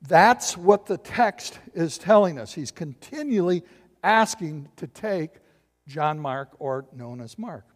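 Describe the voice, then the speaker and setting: Male pastor, higher voice, animated preaching style in a reverberant hall. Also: takes it slowly. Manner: animated, acts out voices and asks the congregation questions. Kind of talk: sermon.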